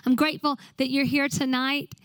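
A woman pastor preaches in a high, clear voice, pressing her listeners with earnest rhetorical questions. She moves from exhortation into heartfelt prayer. The sound is close and dry. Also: flat delivery, normal speed, a bit bright, no echo, low-quality recording. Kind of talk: sermon and closing prayer.

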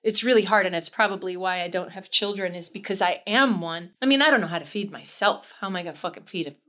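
A woman's voice: medium pitch, fast talker, fairly bright tone. Woman, improv comedian, interview guest, candid, effusive, self-deprecating, energy swings.

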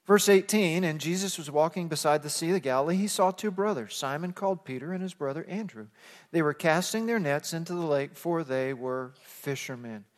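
Male pastor, conversational sermon with impassioned peaks, slightly high voice, reverberant church. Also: lively intonation, a little fast. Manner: conversational storytelling, rising to impassioned emphasis. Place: church sanctuary. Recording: long reverb of a church sanctuary.

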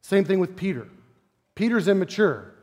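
A man preaching a sermon as pastor, animated, moving between loud emphasis and quiet reflective passages. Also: sits high, normal speed. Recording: long hall reverb.

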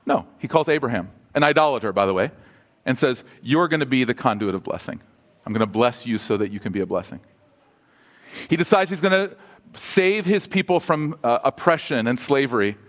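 A man's voice: mid-range voice, lively intonation, a little fast. A man preaching a sermon as pastor, asking the congregation questions and dropping humorous asides.

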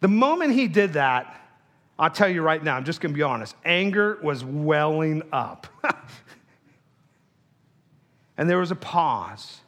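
A male pastor preaching a sermon, telling a personal story and acting out both sides of a quarrel, then dropping to a low, hushed voice for the heart of his message. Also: sing-song, a little slow, long pauses.

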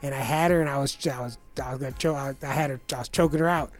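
A man's voice: medium pitch, racing, soft background music. A young man telling rambling, profane stories in casual chat, full of restarts and fillers. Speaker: podcast guest telling stories.

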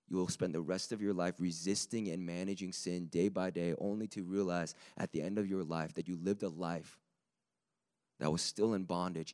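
A man with a low, slightly raspy voice preaches a sermon in a lively, conversational way that builds to emphatic peaks.

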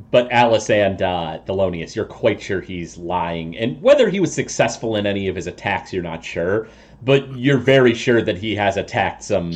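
A man narrating as game master of a tabletop game, unhurried with many fillers. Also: low-pitched.

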